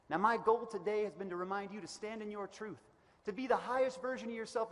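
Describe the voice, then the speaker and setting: High-voiced man speaking in an echoey hall. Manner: energetic and emphatic, building to loud repeated declarations. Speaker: commencement speaker. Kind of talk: motivational commencement speech. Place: large indoor event hall.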